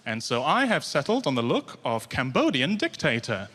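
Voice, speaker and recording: A man in his twenties doing a self-deprecating stand-up routine, in a deadpan delivery with drawn-out punchlines. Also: mid-range voice, very noisy. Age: 20s. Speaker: stand-up comedian. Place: large theatre stage. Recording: live theatre reverb, loud crowd.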